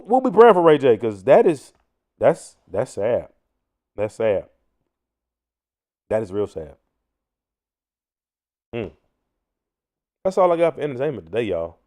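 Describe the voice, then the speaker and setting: Host: young man, lively pitch swings, casual mocking commentary. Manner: loud, animated, mocking, slangy. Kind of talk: casual commentary on news clips.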